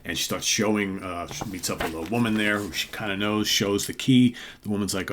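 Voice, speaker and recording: A middle-aged man with a fairly low voice hosts a relaxed comic book review. He talks in a loose, chatty way, often ending a remark with "right?", and reads captions aloud plainly. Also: brisk, hardly any pauses. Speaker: host.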